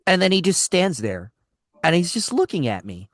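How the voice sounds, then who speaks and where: A man's voice: sits high, sing-song, moderate pace, a bit bright, no echo, clean studio sound. A man co-hosting a radio talk show, telling a long exasperated story in casual chat, acting out the dialogue and often restarting his sentences. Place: radio studio.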